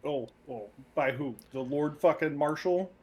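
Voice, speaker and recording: A man's voice: a little high, a little slow, slightly rough, dull audio. A man playing a tabletop game in character, brash, combative and full of swearing. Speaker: player.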